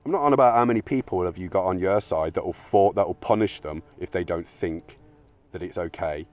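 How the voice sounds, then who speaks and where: Low-pitched and darkish in tone, a video essayist talks fairly quickly through a blunt, profane, argumentative monologue. Along the way he puts on silly voices to ridicule critics he imagines.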